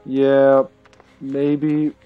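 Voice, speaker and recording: A man chatting casually while playing a co-op game on stream, quick and prone to swearing when flustered. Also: mid-range voice, monotone, smooth, narrow, tinny audio, soft background music. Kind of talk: casual gaming chat.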